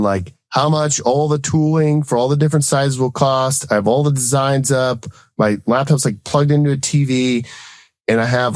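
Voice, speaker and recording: This guest is a former Marine officer and entrepreneur from the United States, a man in his thirties with a mid-range voice recorded without echo. He rambles quickly through a casual story, leaning on "like" constantly and performing the back-and-forth of quoted conversations.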